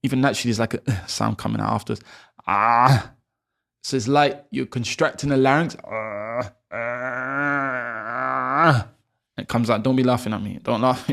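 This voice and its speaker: A man with a gravelly, creaky voice talks through Arabic letters in a loose, casual lesson. He repeats throat sounds slowly and over-emphasized, breaks off to correct himself, and chats along the way. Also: medium pitch. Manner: demonstrates throat sounds with exaggerated repetition; self-correcting, chatty, laughs at himself. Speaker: Arabic teacher.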